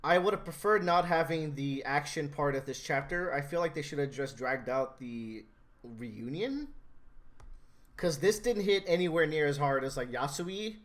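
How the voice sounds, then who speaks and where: Man, casual podcast chat, slightly high pitch, animated, restarts often. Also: normal speed. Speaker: podcast co-host.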